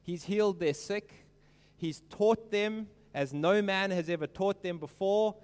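A man preaching an earnest sermon, stressing quoted lines slowly and emphatically. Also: sits high, darkish tone, clear, resonant tone, big-room sound.

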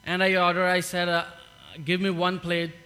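A man from Pakistan with a Pakistani accent, giving an earnest, halting testimony in a church. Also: high-pitched, completely flat delivery, pushed and bright, smooth, long reverb tail. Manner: earnest, halting, with many fillers. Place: church hall.

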